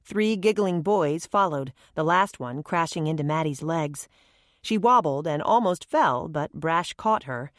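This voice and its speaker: A woman narrating an audiobook in a measured, gentle storytelling manner, recorded on a close studio mic. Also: low-pitched, expressive, no room sound. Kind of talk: scripted narration.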